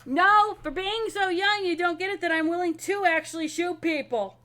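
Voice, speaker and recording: A woman voicing an eager, trigger-happy old female vampire who talks loudly and bluntly. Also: very high-pitched, moderate pace, voice pushed up. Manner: loud, blunt, gleeful about violence.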